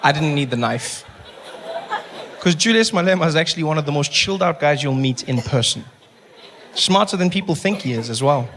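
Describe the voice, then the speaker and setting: Brief: young South African male comedian, lively self-mocking storytelling, slightly high voice, noisy live stage mic. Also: some chatter behind. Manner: animated, self-mocking, quick asides. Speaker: stand-up comedian. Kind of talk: stand-up storytelling. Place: comedy stage before an audience.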